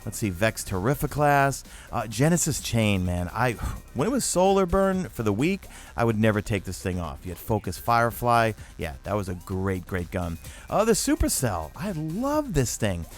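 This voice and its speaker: Animated fast-talking man from New York. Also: fairly low pitch, soft background music. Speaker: YouTube gaming host. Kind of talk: casual Q&A chat.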